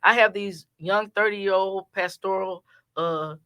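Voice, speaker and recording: A woman hosting a Christian talk show, asking questions in a playful, animated way and cheering her guest on. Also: medium pitch, measured pace. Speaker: host. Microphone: studio microphone.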